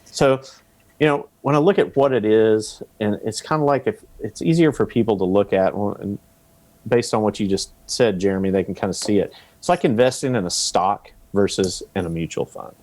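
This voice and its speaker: A man as a podcast guest, explaining rental investing in a relaxed way with examples and acted-out quotes. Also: lowish voice, normal speed. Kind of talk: casual interview talk.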